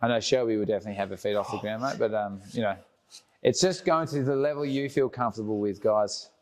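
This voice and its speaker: A man's voice: on the low side, fast, a little mellow. A young man coaching a fitness class, counting down reps and encouraging his co-coach with friendly banter.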